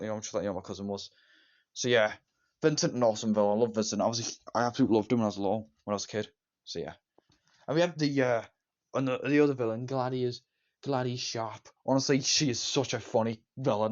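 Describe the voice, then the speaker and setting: Rambling young man with a dull, lo-fi recording. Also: mid-range voice. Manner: rambling, repetitive, enthusiastic, many fillers and restarts. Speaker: movie reviewer. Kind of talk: casual spoken movie review.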